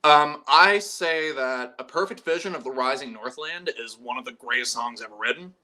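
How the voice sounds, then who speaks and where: Speaking at a moderate pace in a medium-pitched, pushed, bright voice, a man hosts his metal YouTube channel's live stream. It's a casual show about metal music where he reads viewer messages, rambles animatedly and swears freely.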